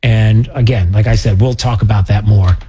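A man hosting a radio talk show, chatting casually and sarcastically, sometimes jumping into mocking high voices. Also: fairly even intonation, moderate pace, mellow, husky.

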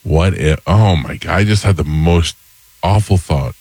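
A man's voice: deep voice, a little slow, darkish tone, husky, dry recording. A middle-aged man hosting a morning radio show, telling stories in casual banter.

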